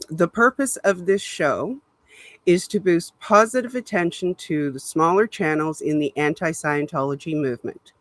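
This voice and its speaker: A woman's voice: fairly low pitch, a bit bright, no echo. A woman from Canada hosting a casual live stream from a home setup, chatting and laughing often as she greets viewers by name. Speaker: livestream host. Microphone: laptop webcam mic.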